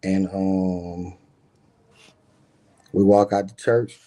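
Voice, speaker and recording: Middle aged guy telling a story on a stream, swears a lot, talks right at the listeners, dark mellow voice. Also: sits low, flat delivery, very slow. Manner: emphatic, profane, addresses listeners directly. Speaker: guest. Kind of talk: casual personal storytelling on a live stream.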